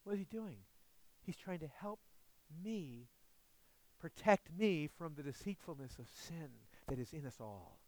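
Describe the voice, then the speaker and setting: A man's voice: a little high, expressive, a little slow, darkish tone. A man preaching a sermon as pastor, earnest and often asking his listeners questions.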